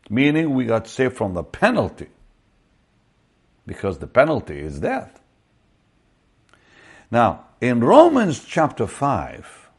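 A man's voice: mid-range voice, gravelly, slightly rough. A man preaching an online Bible teaching, quoting scripture and talking in a conversational way with frequent restarts.

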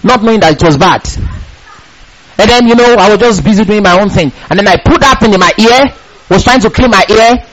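Husky, high-pitched preacher. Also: male voice, brisk, poor audio. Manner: emphatic, repetitive, bursts into shouting. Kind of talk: sermon.

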